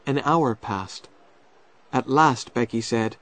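A man narrating a children's storybook in a slow, clear and expressive way. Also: medium pitch, dry recording.

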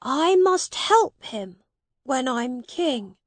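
Woman reader voicing a regal young boy prince: high, loud, haughty, slow and deliberate, close dry read. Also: very animated, dry recording, full character voice. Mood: imperious. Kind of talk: storybook reading.

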